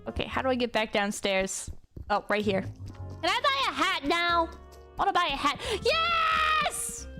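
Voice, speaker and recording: A woman streaming a game, chatting casually with her viewers and bursting into excited squeals and laughter. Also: high voice, normal speed, music in the background. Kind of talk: casual gameplay commentary.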